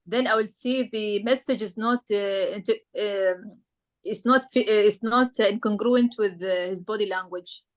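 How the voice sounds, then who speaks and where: A woman in the audience giving a halting, hesitant answer full of fillers. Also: medium pitch. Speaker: club member in the audience. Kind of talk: answering in a workshop.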